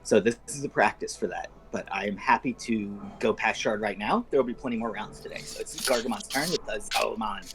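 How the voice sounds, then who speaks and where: Halting game master with a scratchy throat. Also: male voice, on the low side, fairly bright tone. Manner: halting, uneven in speed and volume. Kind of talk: running an online tabletop game.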